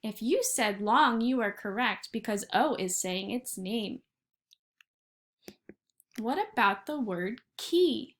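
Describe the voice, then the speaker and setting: A woman guides first graders through a phonics lesson in a slow, deliberate way, pulling each sound apart so small children can follow. Her voice sits a little high and stays patient and encouraging. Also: lively intonation, a bit bright. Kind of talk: recorded online phonics lesson.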